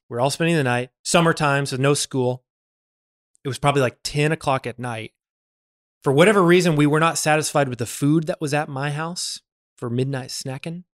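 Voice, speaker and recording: A man co-hosting a podcast, telling stories in a casual, animated way and acting out quotes. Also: medium pitch. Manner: animated storyteller, acts out quotes, laughs often. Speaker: podcast co-host. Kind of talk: casual chat, storytelling.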